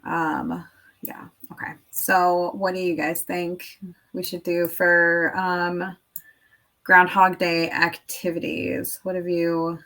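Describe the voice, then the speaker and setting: A woman's voice: lowish voice, flat delivery, slow, fairly bright tone. A young woman making classroom activities, chatting casually to viewers and rambling as she thinks aloud, with filler words and the odd whisper. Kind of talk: casual work-with-me chat.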